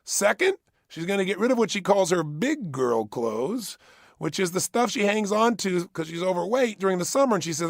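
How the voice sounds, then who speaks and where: A man speaks in a high-pitched, rough-edged voice, delivering a motivational workshop talk. He is punchy and insistent, driving points home through repetition. The sound is close and dry, with no room echo. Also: very animated, normal speed. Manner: emphatic, punchy, repeats key phrases.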